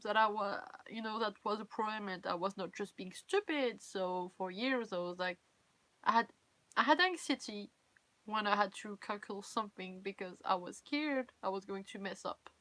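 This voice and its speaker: A woman's voice: medium pitch, a bit bright, no echo. A young woman from France with a French accent, chatting casually and candidly on a live stream in English, her second language. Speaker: cosplay livestreamer.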